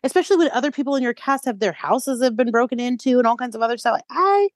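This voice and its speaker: A woman's voice: on the high side, lively intonation, fast talker, no room sound. Hesitant woman co-hosting a chatty podcast. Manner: thoughtful, hesitant, many fillers. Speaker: podcast co-host. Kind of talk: casual reality TV chat.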